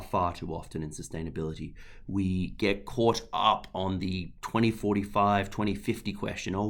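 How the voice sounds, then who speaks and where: A man with an Australian accent giving an energetic webinar presentation, stressing key points through repetition. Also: sits low, creaky. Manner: energetic, emphatic, repeats key phrases. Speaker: guest speaker.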